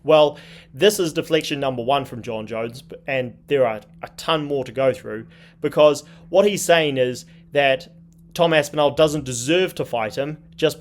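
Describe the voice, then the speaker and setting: Indignant male sports commentator. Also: medium pitch. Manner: indignant, scornful, reads tweets aloud. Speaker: MMA commentary channel host. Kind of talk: opinionated commentary.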